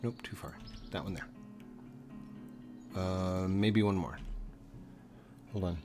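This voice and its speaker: A man streaming a building game, rambling to himself as he builds and greeting viewers in a high squeal. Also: takes it slowly. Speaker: gaming streamer. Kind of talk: casual gameplay chat. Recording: clear background music under voice. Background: background music.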